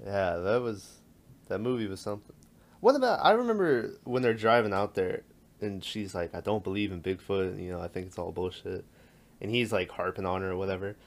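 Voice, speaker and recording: A man's voice: sits low, animated, brisk. Laughing man retelling movie scenes. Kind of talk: casual chat.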